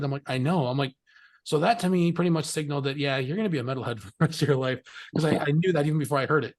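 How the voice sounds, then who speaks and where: A man's voice: fairly high pitch, rapid-fire. A middle-aged man telling stories in a rambling, casual way as an interview guest, swearing freely and laughing often. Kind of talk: casual storytelling.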